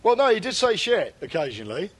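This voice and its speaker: High-voiced man doing comic banter. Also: moderate pace. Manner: deadpan, puts on silly French accents. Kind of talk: comedic banter.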